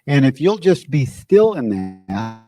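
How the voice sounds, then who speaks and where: A man's voice: a little high, sing-song, measured pace, warm tone. A man giving an informal spiritual teaching talk, conversational and searching, often circling back on his phrases.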